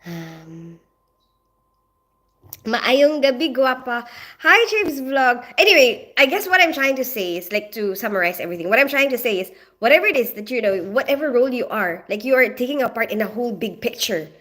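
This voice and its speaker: A woman's voice: fairly high pitch, very animated, moderate pace, a bit bright. Chatty woman on a livestream. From Philippines. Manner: chatty and rambling, heavy on "you know" and "like", laughs often. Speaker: nurse and livestream host. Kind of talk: casual livestream chat, greeting viewers.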